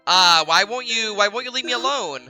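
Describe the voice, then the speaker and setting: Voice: mid-range voice, animated, fairly quick, over music, close to an everyday voice. A streamer reading aloud the lines of a lonely, regretful young woman from a story game, in their own voice. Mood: sad. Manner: reading game dialogue aloud, subdued and self-pitying.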